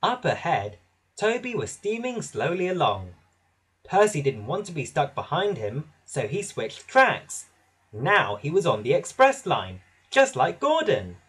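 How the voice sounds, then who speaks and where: A man narrating a children's storybook in a lively, animated way. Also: fairly high pitch, a little slow, husky.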